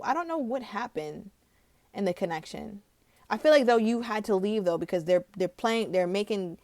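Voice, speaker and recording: A woman giving a casual, animated tarot reading, chatty and dramatic, laughing often. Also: mid-range voice. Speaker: tarot reader.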